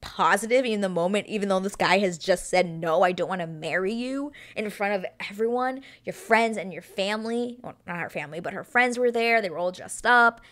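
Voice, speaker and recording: A woman's voice: medium pitch, brisk, few pauses, a bit bright. A woman hosting a casual TV recap, chatty and gushing, with plenty of fillers. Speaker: show recap host.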